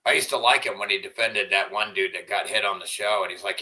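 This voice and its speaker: Brief: man, low voice with a forceful edge, profane and angry, home livestream rant. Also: steady tone, fast talker.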